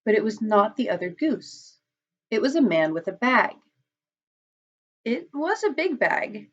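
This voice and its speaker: Expressive woman reading a picture book. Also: on the high side, a little slow. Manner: expressive, dramatic storybook reading. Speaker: children's storyteller. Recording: dull lo-fi recording.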